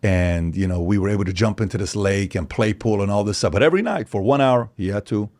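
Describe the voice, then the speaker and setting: A man in his forties, a podcast guest, speaking in an animated, opinionated monologue full of rhetorical questions and acted-out quotes. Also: on the low side, fast talker. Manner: acts out quoted voices, emphatic, rhetorical questions.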